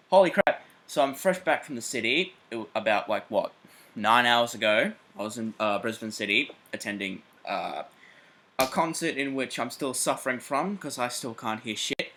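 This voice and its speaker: Excitable Australian guy with a bright voice. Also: fairly low pitch, normal speed. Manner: excitable, swears freely, chatty with fillers. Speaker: railway channel host. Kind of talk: casual vlog.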